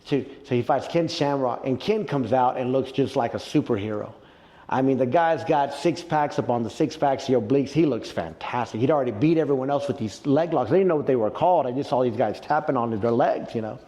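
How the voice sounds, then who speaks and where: Mellow-voiced man telling a story. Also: mid-range voice, a little fast, long reverb tail. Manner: animated, retells fights with quoted reactions. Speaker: interview guest, jiu-jitsu black belt. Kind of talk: storytelling in casual interview.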